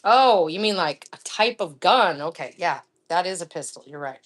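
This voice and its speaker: A middle-aged woman from Florida hosts a live cooking stream from her home kitchen, her voice sitting on the lower side. She chats loosely and laughs often, now and then sinking into a soft half-whisper. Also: animated, normal speed. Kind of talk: casual chat while cooking.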